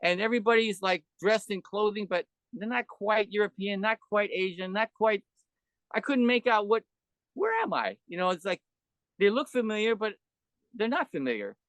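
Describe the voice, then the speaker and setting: Older man rambling reflectively, high-voiced. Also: normal speed, no echo. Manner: meandering, with frequent restarts and fillers; grows animated and wondering when recounting experiences. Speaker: podcast guest. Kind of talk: reflective conversational storytelling.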